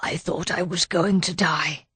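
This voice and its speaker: A woman's voice: on the low side, unhurried, husky, dry recording. A woman voicing a shy grieving older widower. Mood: mournful. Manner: soft, apologetic, subdued. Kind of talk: audiobook narration.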